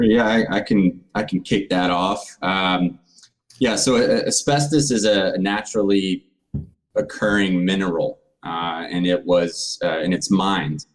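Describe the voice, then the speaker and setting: A man's voice: deep voice, rough recording. A man in his thirties, a project manager and podcast guest, speaking earnestly with many fillers. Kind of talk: casual podcast chat.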